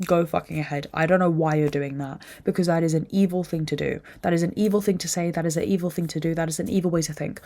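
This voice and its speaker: A woman's voice: low-pitched, fairly even intonation, fast talker, few pauses, mellow. A young woman hosting a podcast, drained and upset, venting candidly and swearing often. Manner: emotional venting, frequent swearing. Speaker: podcast host. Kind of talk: candid solo monologue.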